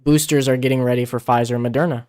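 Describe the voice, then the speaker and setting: Talking very fast yet in a steady tone, a man with a mid-range, darkish voice co-hosts a casual home livestream in the Philippines. He chats and reads out viewers' comments, heard via an out-of-frame camera-mounted mic.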